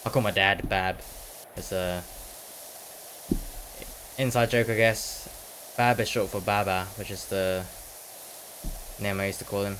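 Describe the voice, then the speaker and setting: A teenage man with a fairly low voice talks through a game in easygoing chat. He rambles from thought to thought and pokes fun at his own jokes, and now and then slips into a put-on British slang voice. A faint hiss sits under his voice. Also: fairly even intonation, moderate pace, long pauses, fairly bright tone, rough recording. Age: teens. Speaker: gaming commentator. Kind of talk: casual chat while playing a game.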